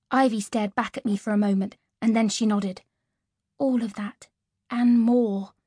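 Woman audiobook narrator, first-person, lively and expressive, breathy, fairly high, dry close studio mic. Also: no room sound.

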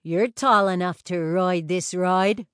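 A woman voicing a big, boisterous Irish man who is always the loudest in the room, with an Irish accent. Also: high-pitched, takes it slowly, smooth, no echo, studio quality. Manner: loud, boisterous.

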